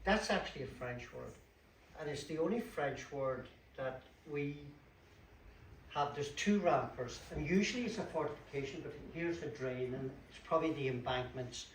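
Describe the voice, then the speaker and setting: A man's voice: medium pitch, expressive, moderate pace. A man with a Donegal Irish accent giving a chatty talk on local place names at a community event. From Donegal, Ireland. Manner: chatty, explanatory, with dry asides. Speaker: guest speaker at a local history talk. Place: community hall at a book launch. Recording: echoey hall, distant mic, faint room noise.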